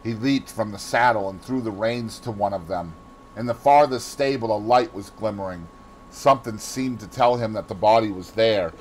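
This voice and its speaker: A man with a Boston accent reading a classic novel aloud in expressive scripted narration. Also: lowish voice, a little hiss or hum, poor audio. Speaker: audiobook reader.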